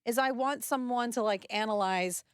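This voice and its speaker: A young woman co-hosts a relaxed chat in a slightly high voice. She sounds wry and amused and laughs often, and the recording is dry and close. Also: normal speed, smooth, no echo. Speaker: co-host. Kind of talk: casual podcast chat.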